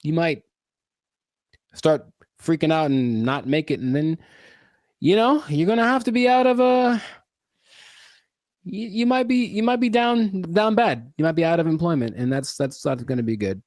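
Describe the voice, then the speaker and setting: A man co-hosting a casual podcast, rambling and animated with frequent laughter. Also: on the high side, normal speed, long pauses, dry recording, clean studio sound. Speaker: podcast co-host.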